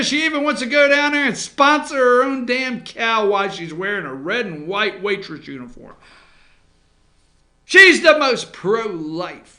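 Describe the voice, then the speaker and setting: A man's voice: very high-pitched, lively intonation, a little slow, pushed and bright. A man hosting a political talk show from an office, ranting with sarcasm, indignation and swearing.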